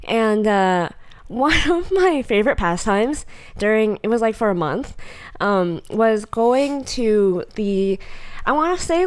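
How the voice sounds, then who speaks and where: A young woman co-hosting a podcast, telling a story in a casual chat with lots of laughter and lively acted-out quotes. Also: medium pitch. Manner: animated storyteller, acts out voices, laughs often. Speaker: podcast co-host.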